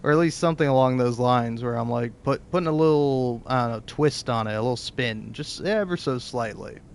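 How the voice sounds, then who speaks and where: A man's voice: medium pitch, brisk, a little hiss or hum. A young man doing let's play commentary, rambling, self-deprecating and swearing freely. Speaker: streamer playing a narrative game.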